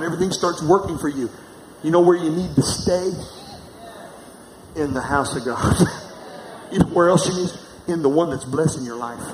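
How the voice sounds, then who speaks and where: High-voiced preacher in an echoey church. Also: male voice. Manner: preaching with call-and-response to the congregation. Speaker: pastor. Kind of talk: sermon. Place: large church hall. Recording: echoey church hall with noise.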